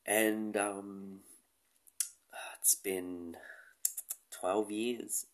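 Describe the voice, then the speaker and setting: Man, late twenties, very low voice, gravelly, casual rambling podcast monologue, self-deprecating, swears a lot. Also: steady tone, slow, pauses often. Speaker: podcast host.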